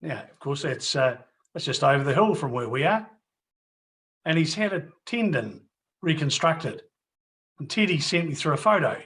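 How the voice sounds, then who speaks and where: A man's voice: a little high, sing-song, normal speed, a bit bright. A middle-aged man hosting a casual interview, rambling, restarting and repeating his phrases. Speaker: host. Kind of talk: casual video interview and wrap-up to viewers.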